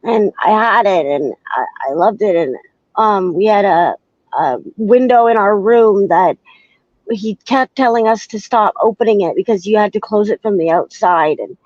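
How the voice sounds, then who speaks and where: A woman's voice: mid-range voice, expressive, a little mellow, no echo. Hesitant woman telling her story. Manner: hesitant, halting, searching for words. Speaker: guest. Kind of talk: personal storytelling in an interview. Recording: slightly dull, dry sound.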